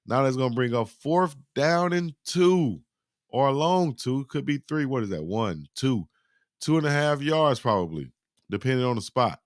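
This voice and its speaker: A man hosting a live football highlight reaction, giving animated, slangy play-by-play and talking to his chat. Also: moderate pace, no room sound, studio quality. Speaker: sports reaction host.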